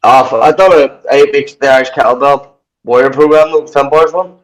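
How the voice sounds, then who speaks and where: Brief: male podcast guest, ex-fighter turned coach, mid-pitched voice, rambling and profane. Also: steady tone, a little fast, low-quality recording. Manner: rambling, swears a lot, acts out his own inner talk. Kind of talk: casual chat.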